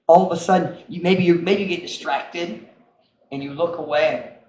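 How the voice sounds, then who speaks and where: A middle-aged man preaching a sermon as pastor, animated, acting out voices and sound effects and mixing in Cebuano phrases. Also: fairly high pitch, moderate pace. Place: church sanctuary. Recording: echoey church room with faint noise.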